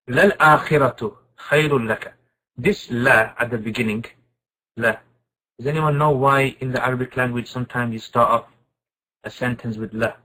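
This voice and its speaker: A man teaching an informal Quran class, asking his students questions and reciting Arabic verses quickly. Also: medium pitch, breathy edge, rough recording. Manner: lively, asks the class questions and answers them.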